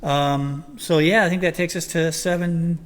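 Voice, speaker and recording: Rambling older host, slightly high voice. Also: male voice, steady tone, unhurried. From Michigan. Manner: rambling, chatty, many ums and restarts. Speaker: podcast host. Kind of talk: casual chat.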